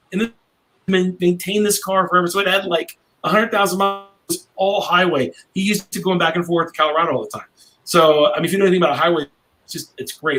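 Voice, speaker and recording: A man's voice: fairly high pitch, a bit bright, poor audio. A brash middle-aged man, a cigar maker guesting on a podcast, telling a long rambling story in casual chat.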